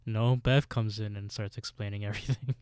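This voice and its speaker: A man's voice: on the low side, steady tone, fairly quick, a little mellow, smooth, dry recording. Laughing man with a dry, close sound. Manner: laughs often, jokes by paraphrasing characters. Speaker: podcast co-host. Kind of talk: casual chat.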